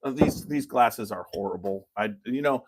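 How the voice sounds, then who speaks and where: A man's voice: on the low side, normal speed. A man hosting a casual bourbon tasting chat, telling stories in a loose, rambling way. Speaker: whiskey reviewer, show host.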